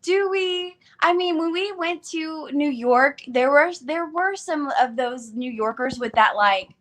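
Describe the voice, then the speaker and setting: A woman's voice: high voice, measured pace, a bit bright. A woman with a Southern American accent, co-hosting a casual live-stream chat on a video call, giggly and full of "like". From southern United States. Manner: chatty, giggly, lots of "like" fillers. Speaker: readathon co-host.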